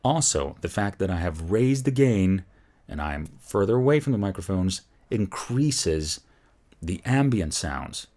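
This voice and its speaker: A man teaching about microphones in a chatty, casual demonstration, moving closer to and farther from the mic in a small, lively room. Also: low voice, measured pace. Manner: chatty, explains while moving toward and away from the mic. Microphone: studio microphones tested at changing distances.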